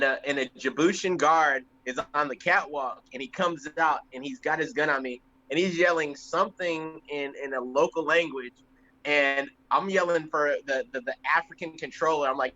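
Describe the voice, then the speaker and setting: A man's voice: on the high side, moderate pace. A young man co-hosting a podcast, telling stories casually and acting out the voices of people in them. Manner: animated, acts out voices in anecdotes. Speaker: podcast co-host. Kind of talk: casual storytelling. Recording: slightly muffled lo-fi audio.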